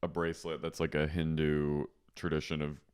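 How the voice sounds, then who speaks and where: A man's voice: rumbling low, monotone, darkish tone, clear, resonant tone. A man co-hosting a podcast, recapping a TV episode in casual chat, talking chattily with lots of "like". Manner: chatty, lots of "like", quick to jump into silly voices. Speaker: podcast co-host.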